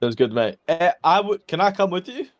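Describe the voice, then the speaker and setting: A man's voice: sits high, big pitch swings, brisk. A man playing in a tabletop game, talking in character in a chatty, easygoing, persuasive way. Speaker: player. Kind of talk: casual in-character chat.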